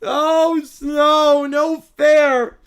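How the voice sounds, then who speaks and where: A spoiled, petulant child wails and demands in a high, strained voice, dragging out the whining, as a man puts the kid on. The voice has a gravelly edge of fry under the whine. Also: lively intonation, normal speed, a bit bright, heavily acted. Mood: whiny tantrum. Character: whiny spoiled kids throwing a tantrum.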